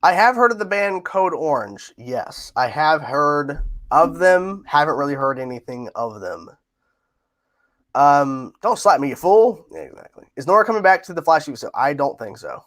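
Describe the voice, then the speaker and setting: Slightly high, with big swings in pitch and a fairly bright tone, this man talks at normal speed. He runs a casual livestream, voicing viewer questions and chatting through answers, often laughing and circling back to the same points.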